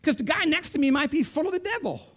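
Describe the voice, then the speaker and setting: A male preacher delivering a sermon in a high, lively voice that soars and falls. He moves between loud, emphatic declarations and sudden hushed whispers. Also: quick pace.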